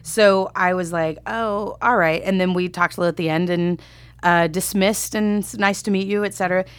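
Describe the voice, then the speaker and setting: A woman comedy writer casually recounts a story, self-deprecating and talkative, with plenty of fillers and laughs. Her fairly low voice is clean and steady in tone at normal speed, captured in a dry recording.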